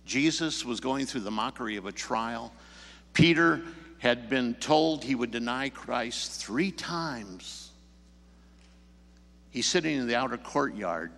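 A man's voice: medium pitch, lively intonation, slow pace, a bit bright, long reverb tail. A man from the Chicago area preaching a sermon, telling stories and pressing the congregation with emphatic questions. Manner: storytelling, rising emphatic questions. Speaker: pastor. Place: church sanctuary.

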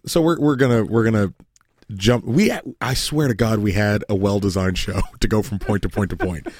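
A man's voice: on the low side, moderate pace, darkish tone, no echo, clean studio sound. A man in his thirties co-hosting a podcast, rambling and swearing, laughing often through crude banter. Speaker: podcast co-host.

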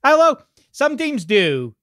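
A man's voice: very high voice, huge pitch swings, slow pace, bright, forceful tone, dry recording, studio quality. A man hosting a casual sports talk show, wry and rambling as he muses. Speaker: podcast host.

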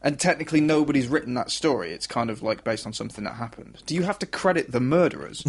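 A man co-hosting a casual comedic podcast, making dry, deadpan asides. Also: medium pitch, quick pace, slightly rough. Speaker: podcast co-host.

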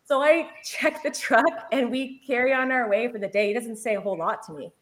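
A woman in her forties, a paramedic, telling a work story in casual chat, lively and often laughing. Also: on the high side, a little fast.

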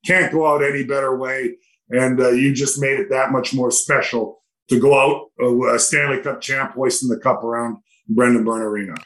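An older man, a retired hockey player, telling rambling, animated stories in a podcast interview. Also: medium pitch, normal speed, rough recording. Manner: animated, rambling anecdotes with quoted dialogue.

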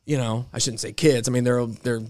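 A man's voice: medium pitch, steady tone, brisk, darkish tone. A middle-aged man hosting a casual chat, telling a rambling story and laughing through his lines. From Marietta. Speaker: podcast host.

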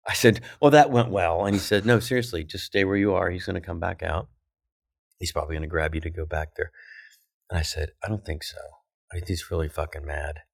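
A middle-aged male comedian telling a backstage anecdote in an animated, profane way, acting out the people he quotes. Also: sits low, brisk, vocal fry, husky, dry recording, clean studio sound. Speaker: comedian guest. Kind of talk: storytelling anecdote.

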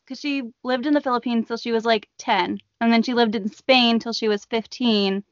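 A woman chats casually on a podcast, sprinkling her speech with "like." Her voice sits on the high side. The recording is dull and dry. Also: fairly even intonation, normal speed, no room sound. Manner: chatty, with many "like" fillers. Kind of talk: casual chat.

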